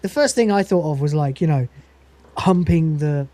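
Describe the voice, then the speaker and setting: A man hosting a podcast while sick, casually retelling an episode in an animated way. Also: on the high side, moderate pace. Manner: animated, acts out scenes with lots of "he goes". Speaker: podcast host.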